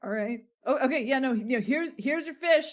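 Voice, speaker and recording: A woman's voice: sits high, expressive, moderate pace, pitched above the performer's own voice. A woman voicing a frazzled adult who stammers and pleads with a crying kid. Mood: pleading.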